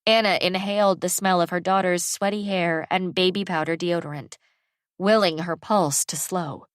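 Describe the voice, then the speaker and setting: A woman narrating an audiobook in a measured, even storytelling manner. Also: lowish voice, clean tone, dry recording, studio quality. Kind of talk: scripted narration.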